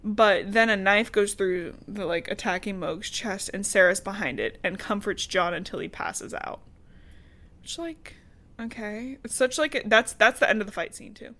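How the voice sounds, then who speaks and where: A woman's voice: medium pitch, moderate pace, pushed and bright. A woman co-hosting a podcast, casually recapping a book in a loose, chatty way with plenty of swearing and laughter. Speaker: podcast co-host.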